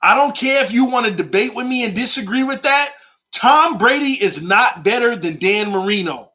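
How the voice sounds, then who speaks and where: High-pitched, emphatic sports vlogger man. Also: lively intonation, normal speed, pushed and bright. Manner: emphatic, argumentative, repeats points for effect. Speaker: sports channel host. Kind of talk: casual sports commentary.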